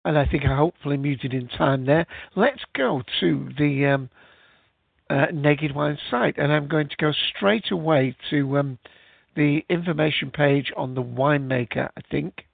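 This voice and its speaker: Male host, rambling casual chat, gravelly fry, dry phone-like sound. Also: a little high, a little slow, no room sound. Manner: rambling, chatty, many fillers. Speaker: podcast host. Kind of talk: casual live-show chat.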